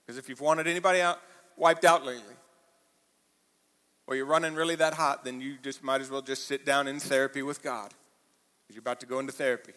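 A man preaching a sermon to a church, talking conversationally, dropping to quiet asides and rising to loud emphatic peaks. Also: mid-range voice, steady tone, fairly quick, pauses often, in a large hall. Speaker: pastor. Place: church auditorium.

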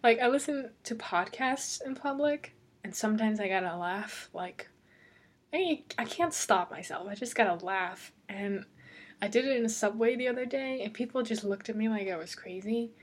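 A woman's voice: a little high, lively intonation, normal speed. A woman hosting a solo podcast, chatting casually and rambling, laughing often as she talks. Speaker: podcast host. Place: lives alone in Amsterdam.

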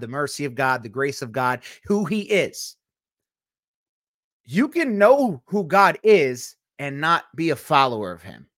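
A man co-hosting a Christian podcast, speaking emphatically and deliberately, repeating key lines for effect. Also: mid-range voice, a bit bright, no echo, studio quality. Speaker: podcast co-host. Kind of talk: casual Christian podcast talk.

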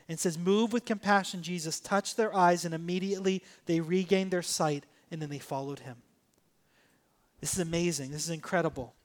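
A man preaching a sermon, animated, acting out quoted voices and swinging from soft to loud. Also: sits high, moderate pace. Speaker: pastor.

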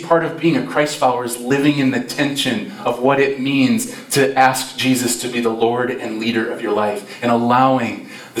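A male pastor preaching a Christmas sermon with passion, his voice swelling and dropping for emphasis. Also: medium pitch. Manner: impassioned, rises and drops in volume for emphasis. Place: church sanctuary. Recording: roomy church sound from a distant mic.

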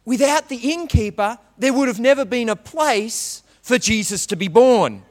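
A man's voice: very high voice, moderate pace. A man voicing an eager young boy. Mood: insistent. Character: excited young boy in a nativity play.

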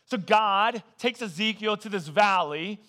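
A man preaching a casual, conversational sermon, animated and joking as he tells the story. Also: high voice, measured pace. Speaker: pastor.

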